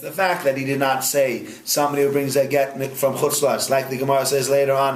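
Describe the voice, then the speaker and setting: A man, a rabbi, teaching a Talmud class in a study hall, firing questions at his students in a lively way. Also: mid-range voice, quick pace, hardly any pauses. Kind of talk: interactive Talmud lesson.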